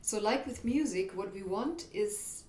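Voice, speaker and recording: A woman's voice: medium pitch, lively intonation, a little slow, darkish tone. A woman voice coach explaining vocal habits in an instructional talk, illustrating points with demonstrations. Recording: roomy echo, faint background noise.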